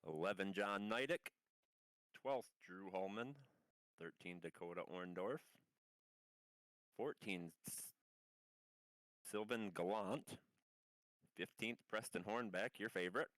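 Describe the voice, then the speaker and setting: Calling a live sim race, a man with a fairly low, fairly bright voice speaks slowly and leaves long pauses. His long reading of the lineup trips on the harder names, and he sounds stuffy and unwell. The audio is dry, with no room sound.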